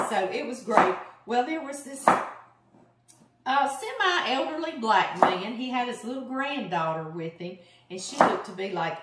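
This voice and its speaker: A woman's voice: mid-range voice, very noisy. Chatty Louisiana woman telling stories in a roomy kitchen. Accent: Southern US, Louisiana. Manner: chatty, sarcastic humor, animated storyteller. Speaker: cooking channel host. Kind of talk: casual storytelling while cooking. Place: home kitchen. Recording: roomy kitchen, mic at a distance. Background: chopping and kitchen clicks.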